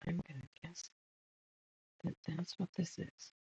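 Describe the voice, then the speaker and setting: A woman's voice: on the low side, fairly even intonation, unhurried, warm tone, slightly rough, low-quality recording. A woman hosting a casual sew-along, muttering measurements and chatting while she sorts fabric pieces. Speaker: quilting channel host.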